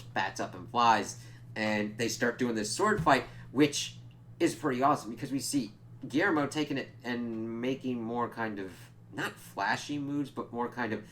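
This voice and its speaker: A man giving a casual, rambling episode review, swearing freely and slipping into quick character impressions. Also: medium pitch, a bit bright, a little hiss or hum. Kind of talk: casual spoken recap and review.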